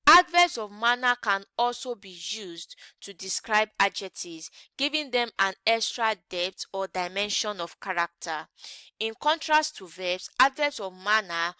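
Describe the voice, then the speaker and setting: Woman English teacher, bright crisp voice, dry close sound, quizzes the class with "what?" questions. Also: mid-range voice, no echo. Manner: asks the class rhetorical "what?" questions and answers them; repeats example sentences slowly. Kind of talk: grammar lesson.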